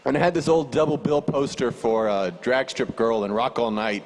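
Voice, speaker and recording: A man, a filmmaker, speaking on a convention panel in a relaxed, rambling way. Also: medium pitch, normal speed, hardly any pauses. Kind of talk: panel talk.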